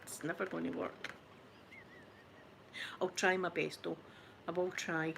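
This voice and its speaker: Here the Scottish ASMR host, a woman in her forties, speaks on the low side in an unhurried, creaky voice with little pitch movement. She chats casually with her viewers, telling stories, laughing a lot and mocking herself. Background noise is audible.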